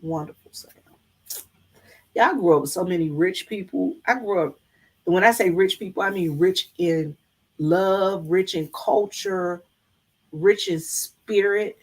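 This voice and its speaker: A woman's voice: on the low side, normal speed, long pauses, husky. A middle-aged woman, chatting casually to her viewers and telling folksy stories. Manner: folksy storytelling, addresses viewers as y'all. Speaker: vlogger. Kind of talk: casual chat to live viewers.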